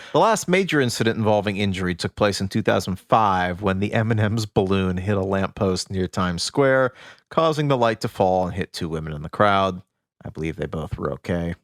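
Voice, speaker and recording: A man co-hosting a chatty podcast recounts strange facts with lots of swing in his pitch. The sound is dry and close to the microphone, and he tosses in playful asides as he builds to the twist. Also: no echo. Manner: animated storytelling, playful asides. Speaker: podcast co-host. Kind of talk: casual chat, recounting facts.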